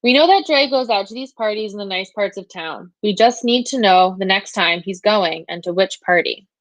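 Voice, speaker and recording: A persuasive woman detective presses her case in a smooth, coaxing tone, as a teacher reads her part. The voice sits in a middle range and the sound is dry and close. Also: medium pitch, moderate pace, no echo, lightly acted, low-quality recording.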